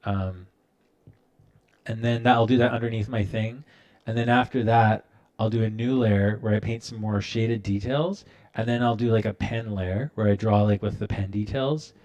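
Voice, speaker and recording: A man's voice: on the low side, fairly even intonation, normal speed, a little mellow, lo-fi sound. A man hosting a casual live-stream art tutorial, talking loosely with many fillers and restarts while he works at his computer.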